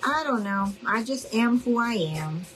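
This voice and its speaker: A woman leads a live crafting demonstration, talking slowly and warmly to her viewers. She keeps checking in with "okay?" and calls them y'all. A faint background noise sits under her voice. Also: a little high, animated, poor audio. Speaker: craft tutorial host.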